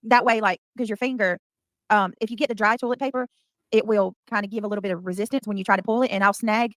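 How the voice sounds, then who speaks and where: A woman's voice: mid-range voice, steady tone, quick pace, no echo. A woman hosting a livestream, reading comments and chatting in a bubbly, giggly way. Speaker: livestream host. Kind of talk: casual livestream chat.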